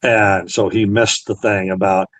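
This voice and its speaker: A man's voice: fairly low pitch, flat delivery, measured pace, a bit bright, no echo, low-quality recording. A Navy veteran man in an interview, earnestly retelling past conversations and quoting both sides. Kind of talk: storytelling interview.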